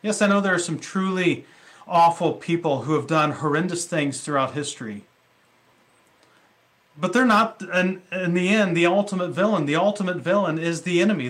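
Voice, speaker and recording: A male pastor with a high-pitched, fairly bright voice preaches a conversational sermon, tossing in rhetorical questions and casual asides.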